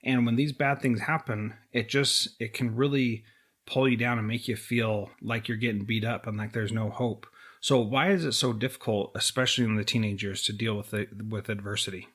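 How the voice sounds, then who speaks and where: A man's voice: lowish voice, fairly even intonation, normal speed, a bit bright. A middle-aged man hosting an interview podcast, earnest and emotional as he talks and asks questions. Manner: earnest, emotional when talking about loss. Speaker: podcast host.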